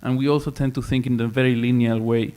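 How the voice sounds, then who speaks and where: A man's voice: medium pitch, little pitch movement, quick pace, mellow, clear, resonant tone. A man speaking on a panel at a round-table discussion, thoughtful and hesitant, with many fillers and restarts.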